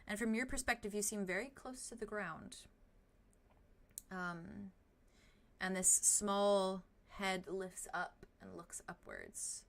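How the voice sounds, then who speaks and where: A woman narrating a tabletop game as game master, relaxed and a bit hesitant as she speaks. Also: medium pitch, slow, creaky.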